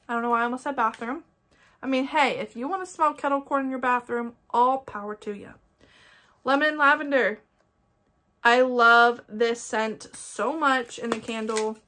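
A woman's voice: on the high side, fairly bright tone. A young woman with an Ohio accent, chatting casually and enthusiastically as she reviews scented wax melts. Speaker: candle collector vlogger. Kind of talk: casual product review chat.

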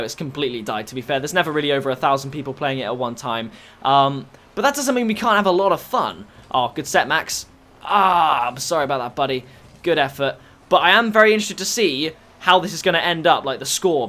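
A young man giving chatty, excitable live commentary over his own gameplay. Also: fairly high pitch. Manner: excitable, chatty, bursts into shouts and laughs. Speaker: gaming YouTuber.

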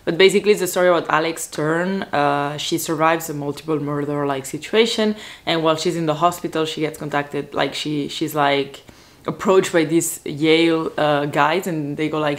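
Woman book vlogger, deep low voice, casual chat, lots of fillers, excitable. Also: normal speed. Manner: chatty, many "like" fillers, excitable.

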